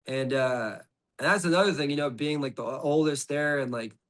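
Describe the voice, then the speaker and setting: A man's voice: on the high side, brisk, a bit bright. A middle-aged man, a podcast guest, telling a story in casual conversation, rambling with lots of "like" and restarts.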